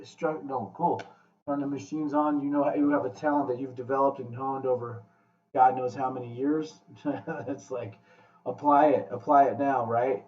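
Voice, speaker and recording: Host type: blunt motivational man, swears freely, mid-pitched, recorded distant in a roomy space. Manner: blunt, profane, animated pep talk. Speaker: podcast host. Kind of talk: casual podcast chat. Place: room with guests. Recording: echoey, distant, muffled room mic.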